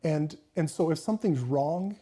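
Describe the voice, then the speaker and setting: A man's voice: a little high, normal speed, dark tone. A man in a casual, reflective conversation, feeling his way through ideas with thoughtful, searching phrasing.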